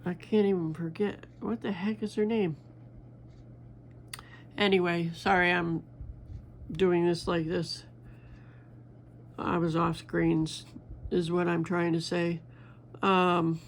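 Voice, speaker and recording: An older woman, a crafting vlogger, chats casually while making a bracelet, rambling with lots of fillers and restarts. Her voice is on the low side, with slight background noise.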